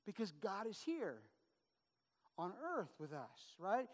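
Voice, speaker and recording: A middle-aged man preaching a sermon as pastor, conversational and full of quick "right?" asides to the congregation. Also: high voice, very animated, a bit bright, long reverb tail.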